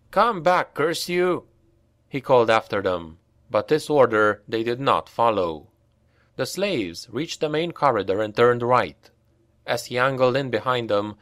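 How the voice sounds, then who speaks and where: A man narrating an audiobook in a measured, expressive way. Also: medium pitch, no echo, clean studio sound.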